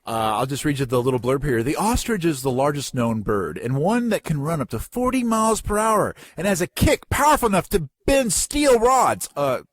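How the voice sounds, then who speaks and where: A man with a slight lisp, an animated podcast co-host rambling and joking in casual chat. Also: fairly high pitch, moderate pace, hardly any pauses.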